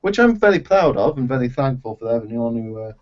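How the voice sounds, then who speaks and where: A man's voice: medium pitch, very animated, quick pace. A man joining a casual live-stream chat as a guest, joking and self-mocking. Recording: dull, lo-fi call audio.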